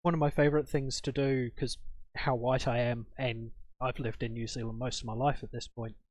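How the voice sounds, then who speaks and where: A man's voice: medium pitch, level tone, fairly quick, darkish tone, no room sound. A man with an English accent, a guest in a casual panel discussion, telling stories with hesitant starts. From England.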